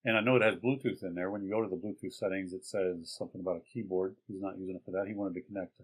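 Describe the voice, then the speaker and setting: A man's voice: low-pitched, steady tone, racing. A man co-hosting a tech podcast, chatting casually and hesitantly with hedging asides. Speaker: podcast co-host.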